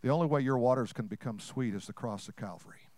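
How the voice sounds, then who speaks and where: A man preaching a sermon to a congregation, asking them questions and swinging between loud, fast bursts and hushed, slow lines. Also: mid-range voice, no echo.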